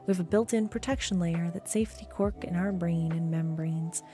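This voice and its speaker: A woman reading a story aloud on a live stream, slow and hushed, often dropping to a whisper. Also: fairly low pitch, soft background music.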